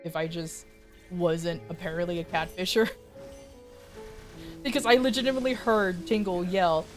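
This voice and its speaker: A woman's voice: lowish voice, moderate pace, soft background music. A woman streamer casually telling a story, swearing freely and acting out quotes. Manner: animated, profane, acts out quotes.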